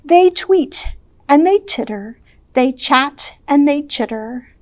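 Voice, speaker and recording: A woman children's librarian reading a picture book aloud at storytime, expressive and drawn out, with hushed shushes. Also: high-pitched, slow pace, no echo. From Ohio, US.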